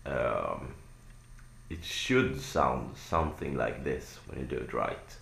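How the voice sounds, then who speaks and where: A young man with an extremely deep, gravelly voice talks slowly through a screaming technique. He rambles, restarts and fills gaps with "uh" and "like", sounding casual rather than polished. The home recording has a noticeable echo from the room. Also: a bit bright. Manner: rambling, filler-heavy explanation. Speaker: vocal tutorial maker. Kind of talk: casual spoken tutorial.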